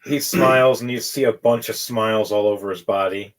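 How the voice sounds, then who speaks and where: A man's voice: lowish voice, a little fast, rough recording. A man narrating a tabletop game as game master, in a casual, profane way.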